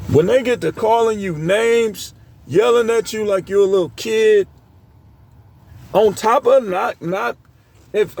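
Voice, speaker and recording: A man's voice: sits high, gravelly, a little mellow. A middle-aged man giving blunt, scolding dating commentary, lecturing his viewers in a preachy way. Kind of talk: ranting commentary to camera.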